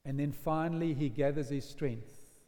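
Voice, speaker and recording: A man preaching a sermon as vivid storytelling, dropping to hushed lines and then rising to loud shouted quotes. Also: a little high, moderate pace. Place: church hall. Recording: long reverb of a church hall.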